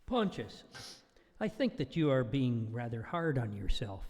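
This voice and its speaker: A man's voice: medium pitch, big pitch swings, a little slow, darkish tone. Give me a man playing a soothing defense lawyer in a church hall. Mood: questioning. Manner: leading, reassuring questions. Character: sympathetic male defense lawyer questioning a witness. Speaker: defense attorney in a church play. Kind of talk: amateur church drama. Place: church sanctuary. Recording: long church hall reverb.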